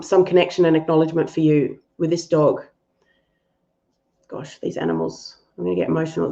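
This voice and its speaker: A woman's voice: low voice, gravelly, mellow, highs cut off. A woman hosting a live-stream animal reading and answering viewers, affectionate and thinking aloud with fillers.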